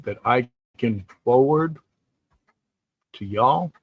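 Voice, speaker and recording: Man hosting a fan livestream, slow and rambling, repeats and restarts himself, close dry sound. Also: mid-range voice, lively intonation, dry recording, phone-quality sound. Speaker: sports talk livestream host. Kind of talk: casual live-stream chat reading viewer comments.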